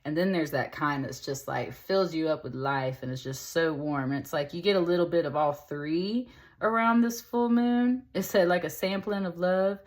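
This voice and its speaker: A woman's voice: lowish voice, normal speed. A woman giving a casual tarot reading to camera, chatty and upbeat, speaking straight to her viewers with fillers and endearments. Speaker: tarot reader.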